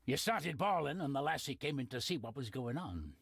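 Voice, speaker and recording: A man's voice: mid-range voice, expressive, a little fast, fairly bright tone, no room sound, clean studio sound, exaggerated voice. An actor playing a cryptic, wary old Scottish man in a video game, with folksy dialect and ominous hints. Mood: puzzled. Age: older. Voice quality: gravelly, husky voice.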